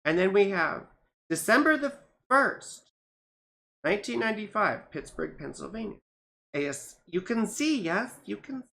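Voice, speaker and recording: A woman astrologer chatting casually on a livestream, rambling with many fillers and grumbling at her software. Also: medium pitch, animated, unhurried, vocal fry. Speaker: astrologer reading charts on a livestream.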